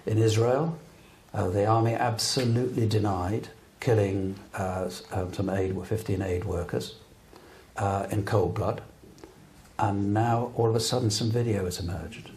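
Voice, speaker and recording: At a talk venue before an audience, an older man from Britain appears as a guest broadcaster, storytelling with earnest emphasis in a live public interview. He speaks a little slowly in a fairly low, darkish voice with fairly even intonation, and there's a little hiss or hum.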